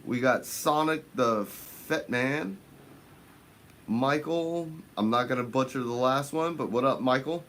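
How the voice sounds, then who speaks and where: A man hosting a fishing channel livestream, greeting viewers by name in casual chat, his voice jumping up high on the shout-outs. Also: takes it slowly, a little hiss or hum.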